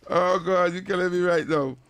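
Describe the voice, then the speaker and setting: A man's voice: sits high, fairly even intonation, moderate pace, crowd noise. An older man with a Trinidadian accent co-hosting a talk radio show, blunt and opinionated, often repeating himself. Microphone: studio mic.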